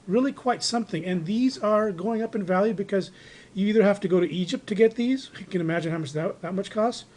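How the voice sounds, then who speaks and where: His voice is high-pitched and darkish, and he talks fairly quickly. Recorded indoors on a handheld camera mic, the man gives casual show-and-tell narration of his collectibles, rambling with plenty of fillers and restarts.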